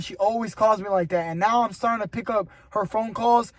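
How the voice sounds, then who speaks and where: A man's voice: sits high, brisk, no room sound. A young man vlogging casually to the camera, earnest and rambling, giving motivational talk and calling his viewers "bro". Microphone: camera mic.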